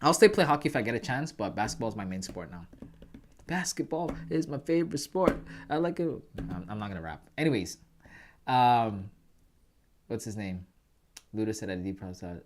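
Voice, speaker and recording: A man's voice: on the low side, lively intonation, moderate pace. A man from Canada hosting a trading livestream, chatting casually and calling viewers "bro" and "guys".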